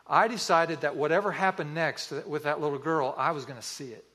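A man's voice: a little high, bright, forceful tone, husky. Earnest male preacher telling a story. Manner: earnest, vivid storytelling with pauses. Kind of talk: sermon storytelling.

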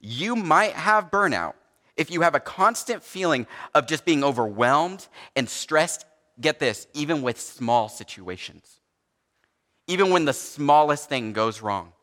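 A male pastor delivers a relaxed, conversational sermon, filling his sentences with small fillers and voicing the people in his stories. His voice is bright and forward, and it carries through the long reverb of a large church hall. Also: on the high side, measured pace. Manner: conversational, uses many fillers and acts out quoted dialogue.

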